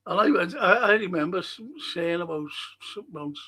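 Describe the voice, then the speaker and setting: A man's voice: sits high, moderate pace, pushed and bright, breathy edge. A man hosting a live-streamed local history show, chatting casually with viewers, rambling and swearing freely.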